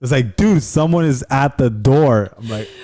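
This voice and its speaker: A man's voice: medium pitch, expressive, a little slow, warm tone, dry recording, clean studio sound. A young man co-hosting a casual podcast, telling stories in a rambling way, swearing and switching between English and Spanish. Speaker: podcast co-host. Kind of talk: casual chat.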